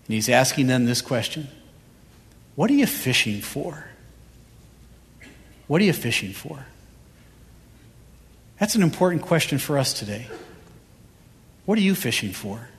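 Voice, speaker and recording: A male pastor preaching a sermon, driving his points home with repeated rhetorical questions. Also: fairly high pitch. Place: church sanctuary. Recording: reverberant church hall.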